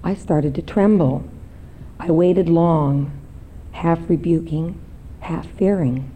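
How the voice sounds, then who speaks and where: A woman's voice: low-pitched, mellow, slight background noise, low-quality recording. A woman giving a dramatic reading of a poem to a church gathering. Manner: slow, building to anguished cries. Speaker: congregation member reading a poem.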